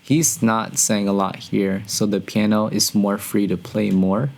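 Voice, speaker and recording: A man hosting a music reaction video, talking casually and excitedly to his viewers and often breaking into higher, louder exclamations. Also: measured pace, gravelly. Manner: excitable, slangy, talks to viewers as "bro".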